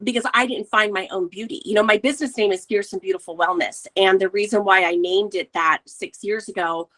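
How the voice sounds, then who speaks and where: A woman's voice: mid-range voice, fairly quick. Earnest woman in her forties. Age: 40s. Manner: emotional, earnest, animated retelling. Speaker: guest, wellness coach. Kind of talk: candid personal storytelling.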